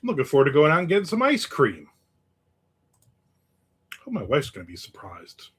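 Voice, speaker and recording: A man's voice: on the high side, huge pitch swings, normal speed, a bit bright, husky. Male host, 50s, casual livestream chat; rambling, wisecracking, chuckles often.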